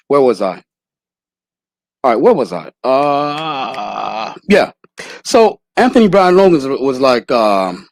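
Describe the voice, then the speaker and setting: A man hosting a casual livestream chat, animated and laughing often. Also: medium pitch, takes it slowly, dry recording. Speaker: livestream host.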